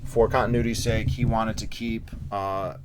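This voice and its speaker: A man's voice: on the low side, level tone, normal speed, noisy background. A man giving a casual spoken book review, rambling with frequent fillers and restarts.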